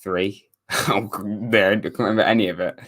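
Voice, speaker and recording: Young English man chatting casually, deep voice. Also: steady tone, moderate pace, fairly bright tone. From England. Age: young adult. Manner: rambling, self-correcting, wry sarcastic asides. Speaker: live stream host. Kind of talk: casual watchalong chat reading viewer comments.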